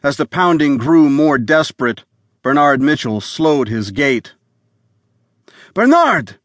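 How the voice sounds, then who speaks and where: A man narrating a thriller audiobook in a steady, measured way. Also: mid-range voice, dry recording. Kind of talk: scripted narration.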